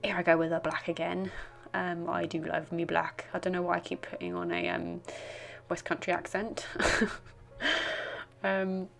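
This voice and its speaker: A woman's voice: on the low side, flat delivery, measured pace, creaky, pauses often, soft background music. A young woman chatting through a voice-over of her art journal, rambling and self-deprecating. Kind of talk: casual voice-over narration.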